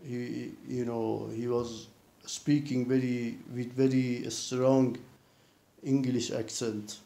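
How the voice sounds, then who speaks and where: A man recounting a personal experience in a halting way, with many restarts and repeated fillers. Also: mid-range voice, flat delivery, creaky, mellow. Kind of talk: casual spoken account. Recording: roomy echo.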